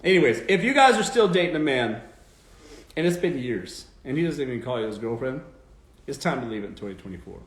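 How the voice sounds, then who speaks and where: A man with a mid-range voice and big pitch swings talks a little fast while ranting dating advice on a live stream. Blunt and emphatic, he swears freely and mocks the voices he quotes, in reverberant sound.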